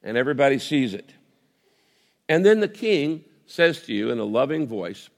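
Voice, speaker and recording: A man preaching a sermon as a pastor, telling a vivid story with swings between lively and soft intimate tones. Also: mid-range voice, normal speed, creaky, long reverb tail.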